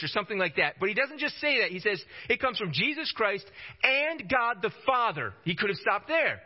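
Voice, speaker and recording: Male preacher, high voice, emphatic and repetitive delivery, muffled lo-fi sound. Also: animated, normal speed. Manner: emphatic, repeats phrases for stress. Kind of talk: sermon. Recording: dull lo-fi recording.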